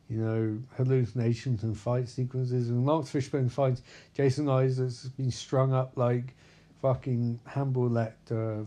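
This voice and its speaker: A man's voice: medium pitch, warm tone. A man giving a rambling, profanity-heavy comedic recap of a film, often losing track of character names.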